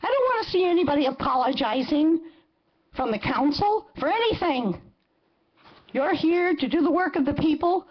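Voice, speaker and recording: A woman's voice: high-pitched, expressive, moderate pace, dull audio. A woman in her seventies giving impassioned public comment at a council meeting, indignant and emphatic, hammering her points by repetition. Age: 70s. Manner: indignant, emphatic, repeats phrases for force.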